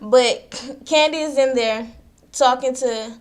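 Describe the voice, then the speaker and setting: Chatty high-voiced woman. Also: takes it slowly. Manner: chatty, slangy, retells scenes in quoted voices. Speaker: reality TV recapper. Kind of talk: casual episode recap.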